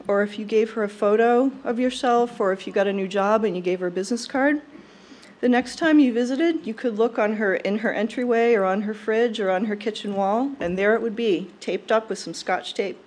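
Young woman, eulogy at a funeral, warm and measured, fairly high voice. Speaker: eulogy speaker. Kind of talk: prepared eulogy. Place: funeral service.

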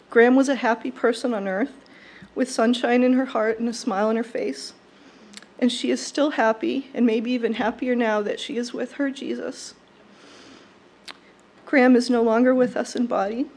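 A young woman delivering a prepared eulogy at a funeral service, in a warm, fond and measured way. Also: on the high side. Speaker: eulogy speaker.

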